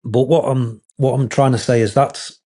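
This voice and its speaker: A man's voice: medium pitch, fairly even intonation, moderate pace, warm tone. A man, a wedding photographer being interviewed, talking in a rambling, candid, self-deprecating way.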